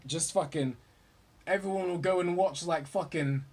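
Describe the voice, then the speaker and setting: Husky-voiced young man ranting. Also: on the high side, normal speed. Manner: profane, excitable, rambling. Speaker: movie vlogger. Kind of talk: casual ranting commentary.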